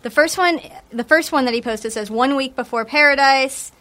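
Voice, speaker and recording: A woman with a fairly high voice, reading messages aloud in a casual chat. She retells them loosely, skipping around. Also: moderate pace, sharp tone. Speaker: podcast co-host.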